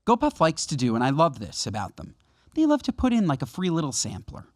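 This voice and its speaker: A man's voice: fairly high pitch, wildly swooping pitch, a little fast, no room sound, studio quality. A man co-hosting a casual comedy podcast, ranting in mock outrage about small gripes. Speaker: podcast co-host.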